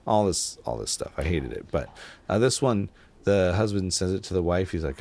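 A man's voice: low voice, expressive, normal speed, gravelly, darkish tone. A man hosting a podcast, telling a rambling story in casual chat and acting out the quotes as he goes. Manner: rambling storyteller, acts out quotes, laughs often. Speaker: podcast host.

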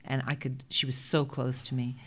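A woman from Brooklyn with a Brooklyn accent, a Broadway performer telling lively stories as an interview guest. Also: rumbling low, normal speed. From Brooklyn, New York. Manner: lively anecdotal storyteller, frequent restarts. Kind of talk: storytelling interview chat.

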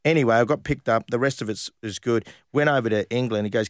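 A middle-aged man from Western Australia, telling animated stories as an interview guest, full of fillers. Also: mid-range voice, fast, no room sound. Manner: animated anecdotes with frequent laughs and fillers. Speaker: guest, former footballer. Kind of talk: casual storytelling interview.

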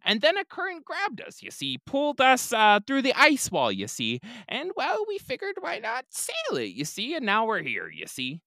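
A man voicing a gruff, unflappable old pirate sea captain who drawls "yarg" and "you see". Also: very high-pitched, wildly swooping pitch, moderate pace, hardly any pauses, sharp tone, dry recording, studio quality, voice pushed up, heavily acted. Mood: blustering.

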